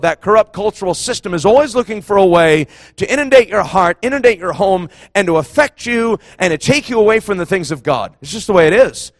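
A man preaching a fervent sermon, emphatic and impassioned, repeating phrases and surging to near-shouts. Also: sits high, no echo, studio quality.

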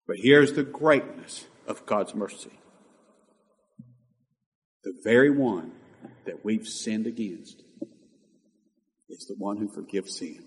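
A man preaching a sermon with passion, moving between loud emphatic lines and quiet, hushed asides. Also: on the low side, slow, pauses often.

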